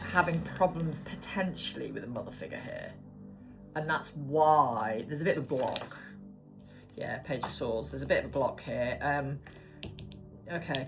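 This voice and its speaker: A British woman in her forties doing a casual tarot reading, chatty and given to swearing and tangents. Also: deep voice. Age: 40s. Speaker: tarot card reader.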